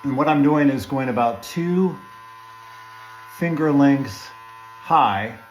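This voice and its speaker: A man's voice: mid-range voice, animated, slow pace, a little hiss or hum. A man casually talking viewers through trimming his own beard at home, rambling with fillers and asides. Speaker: beard-grooming vlogger. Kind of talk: casual how-to talk while trimming. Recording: echoey room.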